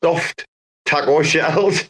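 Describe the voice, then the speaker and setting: A man's voice: on the high side, very slow, fairly bright tone. A man in a casual online group chat who cuts in playfully and laughs a lot.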